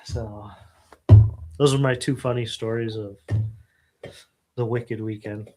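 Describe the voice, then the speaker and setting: A middle-aged man hosting a casual live stream, telling animated stories and acting out quotes. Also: mid-range voice, takes it slowly, faint music behind. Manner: animated storyteller, acts out quotes. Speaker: host.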